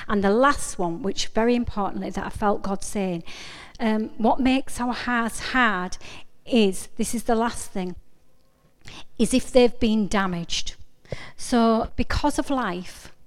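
A woman's voice: fairly high pitch, takes it slowly. Chatty woman preaching in a hall. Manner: chatty, self-interrupting, earnest. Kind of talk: informal sermon. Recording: long reverb of a hall.

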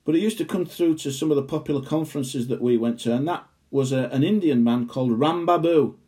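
Earnest man preaching, mellow voice. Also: on the high side. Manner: earnest, emphatic, slows down on key phrases. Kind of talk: sermon.

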